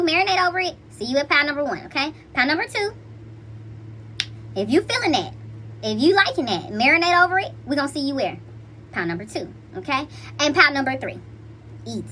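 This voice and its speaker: A woman's voice: high-pitched, sharp tone, slight background noise. A woman hosting a casual tarot reading, talking in a playful, slangy and chatty way to her viewers. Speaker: intuitive card reader.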